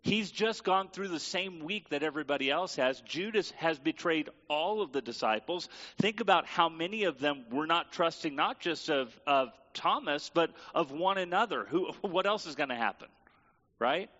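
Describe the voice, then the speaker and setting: Bright-voiced pastor preaching in a hall. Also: male voice, fairly high pitch, expressive, normal speed. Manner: conversational, asks the congregation questions. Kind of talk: sermon. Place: church sanctuary. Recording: muffled church hall reverb.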